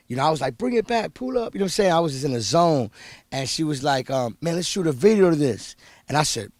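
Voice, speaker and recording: Male guest, lively storyteller, dry close recording. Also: mid-range voice, no echo. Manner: animated, excitable storytelling. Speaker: musician guest. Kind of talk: interview anecdote.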